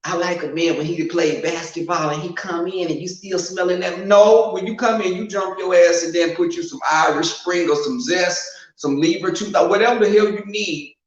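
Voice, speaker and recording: A man's voice: high voice, a little fast. A man hosting a casual live-stream chat, frank and sassy as he talks straight to his viewers. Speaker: host of a live online show. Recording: echoey, dull-sounding room recording.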